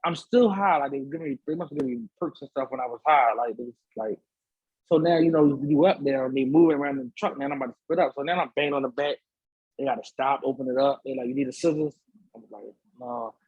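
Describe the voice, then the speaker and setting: Podcast guest, man, husky voice, slangy animated storyteller, dry close mic. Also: medium pitch, fast talker, dry recording, phone-quality sound. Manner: slangy, repeats "so I'm like", acts out voices. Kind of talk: animated storytelling in casual conversation. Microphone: studio podcast mic.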